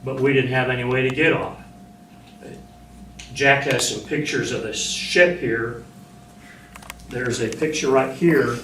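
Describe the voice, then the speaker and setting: A man's voice: mid-range voice, a little slow, pauses often. Older male ex-Marine, plain storyteller recalling combat; echoey room, distant mic. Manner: plain storytelling, shouting when retelling orders. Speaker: former Marine speaking as a survivor. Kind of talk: personal war testimony to an audience. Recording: roomy, distant mic, faint noise.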